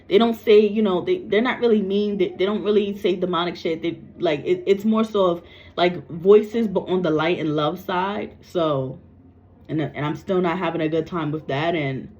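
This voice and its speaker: A woman speaks in a blunt, repetitive way and curses freely, like a psychic medium talking straight to her viewers. Her pitch sits in a middle range for a woman. The recording sounds dull and lo-fi. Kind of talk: casual spoken reading to camera.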